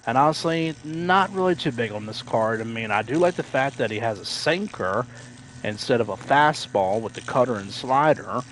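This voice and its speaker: A man's voice: expressive, moderate pace, a little hiss or hum. Rambling man chatting on a livestream. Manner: rambling, many fillers and self-corrections; acts out quoted announcers with sudden loud high outbursts. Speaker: livestream gamer. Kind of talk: casual livestream chat.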